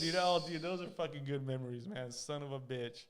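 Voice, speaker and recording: A man's voice: fairly high pitch, a little fast, hardly any pauses. A man in his thirties from California, co-hosting a podcast in casual chat, laid-back and swearing freely. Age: 30s. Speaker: podcast co-host.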